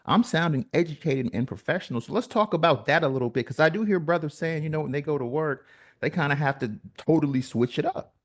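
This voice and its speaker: A man's voice: fairly high pitch, fast talker. A man hosting an interview, chatting casually and telling stories. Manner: storytelling, acts out quoted voices. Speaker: podcast host.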